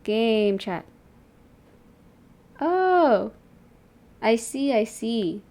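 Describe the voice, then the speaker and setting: A woman's voice: on the high side, big pitch swings, very slow, a little mellow. A young woman streamer chatting casually and playfully with a friend, filling her talk with "like". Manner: chatty, lots of fillers, playful. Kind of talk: casual chat on a livestream.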